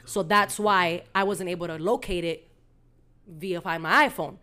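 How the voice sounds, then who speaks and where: A woman's voice: on the low side, normal speed, noisy background. A young woman hosting a podcast, telling a story in casual, slangy and profane chat and acting out the other people's lines. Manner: animated, slangy and profane, acts out quoted dialogue. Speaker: podcast host.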